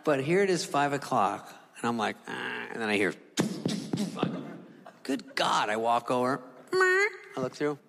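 A male stand-up comedian telling stories on stage, acting out the people and animals in them and swearing freely, with sudden high squeaks and low mutters. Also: lively intonation, normal speed, fairly bright tone. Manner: acts out voices of the people and animals in his stories. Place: stage in a large venue. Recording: live hall recording with audience.

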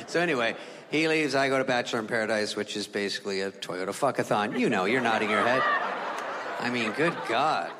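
Animated male stand-up comic in a live hall. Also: a little fast, noisy background. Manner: acts out voices of the people and animals in his stories; swears freely and jumps between high squeaks and low mutters. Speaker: stand-up comedian. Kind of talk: stand-up comedy set. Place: stage in a large venue. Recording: live hall recording with audience.

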